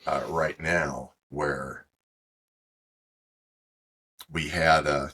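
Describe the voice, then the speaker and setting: A middle-aged man co-hosting a podcast, telling a long, halting story in casual chat with many fillers. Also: a bass voice, little pitch movement, bright, forceful tone, slightly rough. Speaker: podcast co-host.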